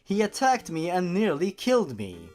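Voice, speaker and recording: A man narrating a horror story for laughs, reading deadpan and breaking off into sarcastic asides. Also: high-pitched, moderate pace, soft background music. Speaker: YouTube narrator.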